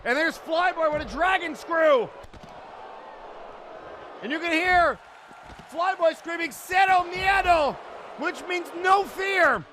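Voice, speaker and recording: A man calling a wrestling match play by play, often breaking into excited shouts. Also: very high voice, slow pace, pauses often. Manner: excitable, shouting during big moments. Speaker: wrestling commentator. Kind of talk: play-by-play commentary. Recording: crowd and loud background noise.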